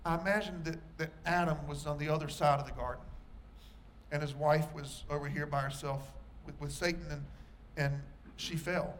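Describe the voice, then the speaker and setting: Male preacher, sermon, earnest storyteller, emphatic, voice a touch high. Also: slight background noise.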